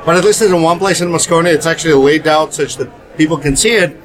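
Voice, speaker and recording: A man's voice: fairly high pitch, quick pace, rough recording. A man co-hosting a casual podcast chat from a booth at a conference, talkative and repeating words as he gets going. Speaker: podcast co-host.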